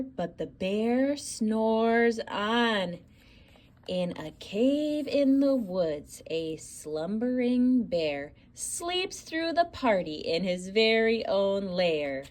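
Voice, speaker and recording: A woman's voice: medium pitch, sing-song, slow, darkish tone. A woman reading a rhyming children's picture book aloud in a theatrical, sing-song way. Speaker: storyteller.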